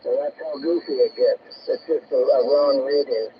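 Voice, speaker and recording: A man's voice: medium pitch, steady tone, normal speed, lo-fi sound. A man chatting on a ham radio net, explaining things at length in a rambling way. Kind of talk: casual radio chat. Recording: shortwave radio with clear static.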